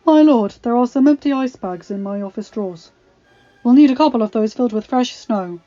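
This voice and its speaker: A woman voicing a calm, kindly male court doctor who speaks gently and practically, in a storybook reading. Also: fairly high pitch, brisk, faint music behind, pitched above the performer's own voice, natural voice. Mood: gentle. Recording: dull lo-fi recording.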